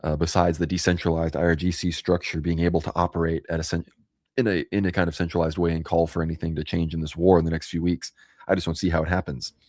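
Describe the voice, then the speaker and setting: A man's voice: low voice, little pitch movement, fast talker, a little mellow, dry recording, clean studio sound. A man co-hosting a casual political stream, speaking while he has hiccups and reading out news items and viewer comments. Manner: reads out news and chat comments. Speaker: co-host.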